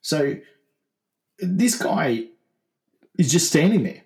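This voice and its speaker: A man co-hosting a comedic podcast, bantering and slipping into quick silly character voices. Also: a little high, big pitch swings, vocal fry, darkish tone, roomy sound. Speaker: podcast co-host. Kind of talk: comedic casual chat.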